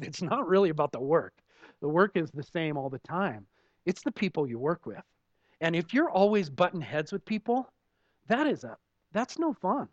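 A man's voice: high voice, no room sound. Male pastor, conversational sermon, candid and self-mocking; muffled, dry lo-fi capture. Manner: candid, self-deprecating storytelling with frequent "you know". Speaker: preacher. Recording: dull lo-fi dry recording.

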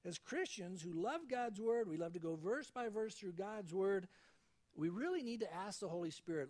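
A pastor with a high voice preaches in a relaxed, conversational way at a normal pace, slipping into the voices of the people he quotes.

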